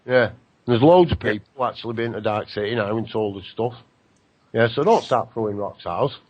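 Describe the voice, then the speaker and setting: A man hosting a casual radio talk show, joking and rambling with an animated, mocking manner. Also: on the low side, fairly quick, breathy edge, dry recording, muffled recording. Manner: animated, jokey, rambling with laughs.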